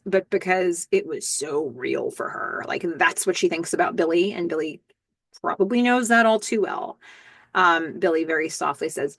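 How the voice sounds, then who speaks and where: A woman with a fairly low voice hosts a casual podcast recap, walking through scenes with plenty of fillers and sudden excited outbursts. Her voice sounds dry and close, with no room echo. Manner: chatty, lots of fillers and "I don't know", excited outbursts. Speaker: podcast host recapping a TV episode.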